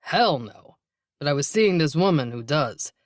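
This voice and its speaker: A man's voice: on the high side, animated, measured pace, dry recording. A man voicing a teasing, easygoing male police detective partner in an audiobook, with dry humor.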